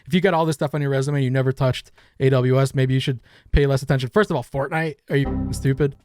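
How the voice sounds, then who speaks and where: A man's voice: mid-range voice, fairly even intonation, fast talker, darkish tone, no room sound, studio quality. A middle-aged man hosting a casual meme review, rambling and wisecracking with crude asides. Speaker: host.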